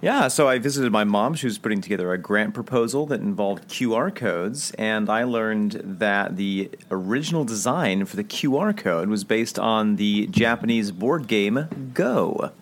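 A man on a trivia team, talking in a measured, explanatory way with dry wordplay. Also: on the low side, expressive. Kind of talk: casual podcast chat.

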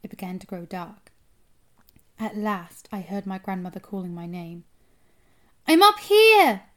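A woman co-host reading a children's novel aloud with expressive, dramatic delivery. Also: on the low side, moderate pace.

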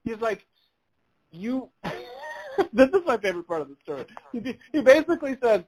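A man's voice: very high-pitched, moderate pace, breathy edge, poor audio. A man co-hosting a podcast, telling a funny story in casual chat, acting out the other people's lines and laughing as he goes. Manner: animated storyteller, laughs while telling, acts out quotes. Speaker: podcast co-host.

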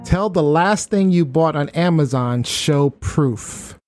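A man's voice: on the high side, expressive, slow pace, over music. A man hosting a party game on a talk show, upbeat and laughing often. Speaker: host.

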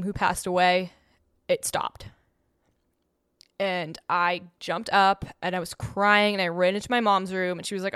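A young woman casually telling a personal story, animated, acting out the voices she quotes and laughing now and then. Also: fairly low pitch, smooth, no room sound, studio quality.

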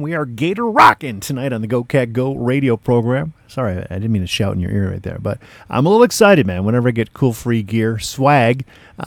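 A middle-aged man talks close to a studio mic as a radio host. His voice is gravelly and the sound is dry. He rambles with slang and fillers and gets excited in bursts. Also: mid-range voice, no room sound. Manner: excitable, laid-back hipster slang, many fillers. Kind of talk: casual radio show patter.

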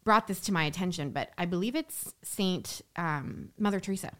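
A woman talking as a podcast guest in a casual, animated way, with lots of "like" fillers. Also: on the low side. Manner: animated, fast, many "like" fillers. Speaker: guest, Catholic entrepreneur and business coach.

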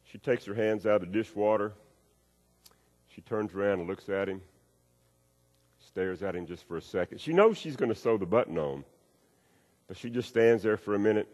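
Preacher telling a story in a reverberant hall. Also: male voice, normal speed, pauses often. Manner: storytelling with acted-out voices, wide swings in pitch and loudness. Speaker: pastor. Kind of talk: sermon.

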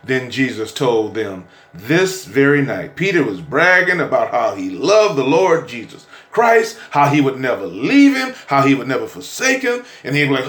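A man preaching a podcast sermon with drama. He swings between hushed lines and shouts. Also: mid-range voice, sing-song, normal speed, few pauses.

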